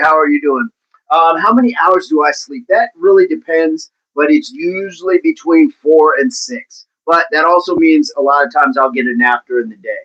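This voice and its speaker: A man's voice: on the high side, bright, forceful tone, dull audio. A man hosting a casual livestream, reading out viewers' comments and chatting back to them in a playful way. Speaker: livestream host reading chat.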